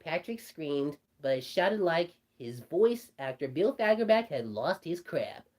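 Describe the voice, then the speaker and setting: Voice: medium pitch, very animated, measured pace, darkish tone. A performer voicing a cartoon rabbit telling a creepy story, rambling with stumbling restarts. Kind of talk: storytelling in character.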